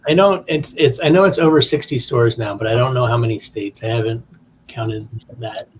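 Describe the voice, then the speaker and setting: A man who is a guest and indie comic creator in a casual podcast chat, loose and quick to laugh. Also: medium pitch, a crowd in the background. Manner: laughs easily, loose and joking.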